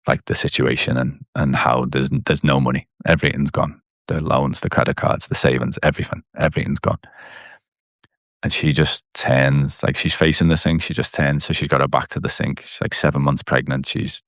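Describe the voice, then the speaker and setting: Very deep, gravelly man telling his story. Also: fairly bright tone, dry recording, clean studio sound. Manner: candid, blunt storytelling with swearing. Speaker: podcast guest. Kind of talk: personal recovery story.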